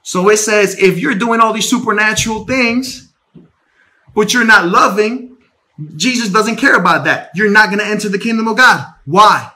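Male preacher, high and bright, casual livestream Bible teaching on a phone at home, animated, restarts words. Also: normal speed. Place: home bedroom.

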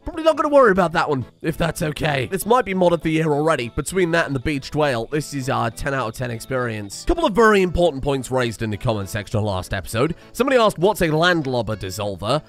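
Lively West Country man streaming a game. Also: a little high, quick pace, few pauses, soft background music. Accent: West Country English. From West Country of England. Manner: chatty, joking, swears freely. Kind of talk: casual let's-play commentary.

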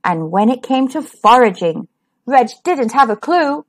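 A woman reading a rhyming children's picture book aloud, expressive and sing-song. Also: fairly high pitch, unhurried. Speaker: children's storyteller.

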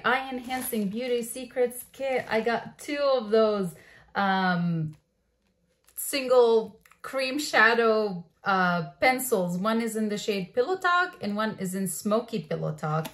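A woman's voice: a little high, measured pace. A woman vlogging in a bubbly, gushing way, chatting casually as she unboxes products. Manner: bubbly and gushing, with frequent excited exclamations. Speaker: beauty vlogger.

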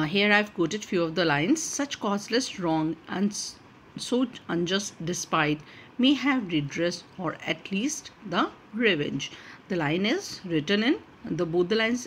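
A woman lectures on literature, taking her time and circling back to repeat key points. Her pitch rises and falls with lively movement. She fills pauses with frequent hesitations, over a faint background hum. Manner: explains slowly, repeats points, frequent "uh" fillers. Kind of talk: recorded lecture.

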